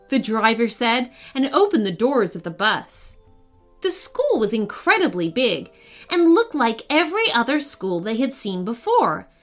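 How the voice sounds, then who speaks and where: A woman reading a storybook tale aloud as the host, with expressive, lively delivery. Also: fairly high pitch. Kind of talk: scripted storybook narration.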